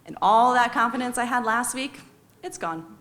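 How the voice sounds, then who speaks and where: American woman, 30s, live storyteller; wry, confessional, lively when quoting others. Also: fairly high pitch, moderate pace. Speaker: storyteller on stage. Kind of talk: personal storytelling performance.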